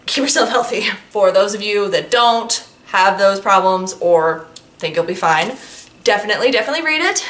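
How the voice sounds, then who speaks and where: A woman's voice: mid-range voice, fairly bright tone. A woman reviewing a book in a casual vlog, gushing and chatty, with lots of filler words.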